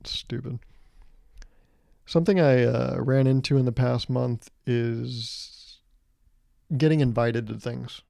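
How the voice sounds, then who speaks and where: A young man in his twenties rants through a solo podcast, sarcastic and rambling, swearing often and jumping into little acted-out scenes. His voice is gravelly and mellow. It is recorded close up on a dry mic. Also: mid-range voice, steady tone, slow, pauses often, no echo. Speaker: podcast host. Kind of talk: solo comedic podcast rant.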